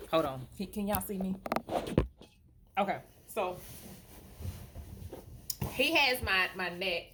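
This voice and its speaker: A woman's voice: mid-range voice, expressive, extremely slow, long pauses, very noisy. A woman vlogger telling a funny story casually to the camera, laughing often, recorded on a handheld phone.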